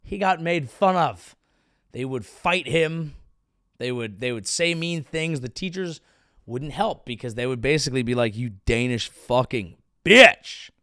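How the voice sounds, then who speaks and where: A man's voice: on the high side, expressive, normal speed, a bit bright, no echo, clean studio sound. A man in his thirties, a comedian hosting his show, rambling through a profane, self-deprecating monologue. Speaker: comedian host.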